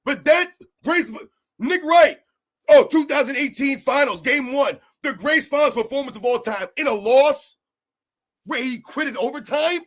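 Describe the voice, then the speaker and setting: A man's voice: very high-pitched, animated, normal speed, fairly bright tone. A man hosting a heated sports rant, emphatic and argumentative, hammering his points by repeating them. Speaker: sports commentary host.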